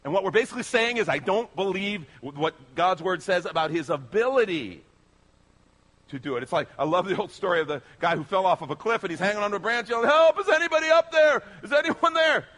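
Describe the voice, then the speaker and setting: A male pastor preaches with emphatic, persuasive energy. His voice sits a bit high and swings widely, dropping low and quiet before rising again. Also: fast. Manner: animated, emphatic preaching with sweeping pitch. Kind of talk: sermon.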